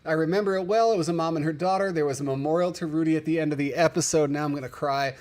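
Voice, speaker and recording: A man's voice: on the high side, fairly even intonation, rapid-fire, darkish tone. A man hosting a casual livestream, telling stories with open emotion and calling out his viewers by name. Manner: emotional, chatty storyteller who calls out viewers by name. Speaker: livestream host.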